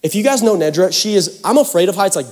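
A youth pastor from Seattle gives a sermon, telling a joking, animated story to the congregation in a large church hall. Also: male voice, sits high, fast talker. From Seattle area, United States. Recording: long hall reverb.

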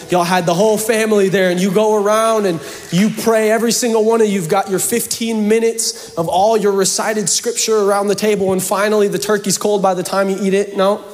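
A man's voice: high-pitched, fairly even intonation, a little fast, in a large hall, music in the background. A pastor from Seattle preaching a sermon to his congregation in church, mixing scripture with jokes and playful asides. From Seattle, USA.

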